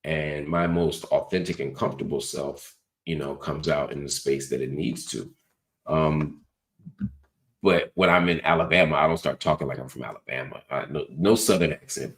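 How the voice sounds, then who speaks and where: Hosting a casual talk-show monologue, a middle-aged man with a very low, deep voice reads viewer comments aloud. He sounds relaxed and easygoing, speaking at a moderate pace.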